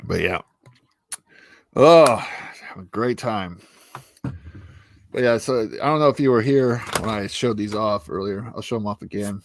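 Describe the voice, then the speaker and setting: A man's voice: fairly low pitch, a little slow, long pauses, a little hiss or hum. A man hosting a casual chat with friends, crude and teasing, who laughs a lot and acts out mocking voices. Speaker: streamer host.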